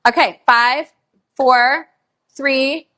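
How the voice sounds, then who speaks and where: A middle-aged woman hosting a live online shopping show, chatting in a bubbly, gushing way and running quick countdowns between items. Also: sits high, fairly even intonation, bright, forceful tone.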